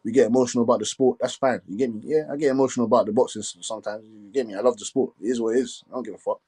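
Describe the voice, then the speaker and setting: A man hosting a casual live stream, talking quickly and filling his speech with "you get me". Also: mid-range voice, fairly even intonation, mellow, breathy edge. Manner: fast, repetitive filler "you get me".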